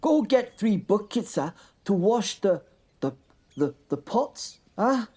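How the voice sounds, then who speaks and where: Man putting on a thick-headed Cypriot sellsword captain, mellow voice, drags every word, for a comic audio drama. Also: high voice, big pitch swings, slightly rough, voice pushed up, exaggerated voice. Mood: dim, sluggish. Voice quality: halting, full of uh and um. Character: dim, sarcastic male mercenary captain.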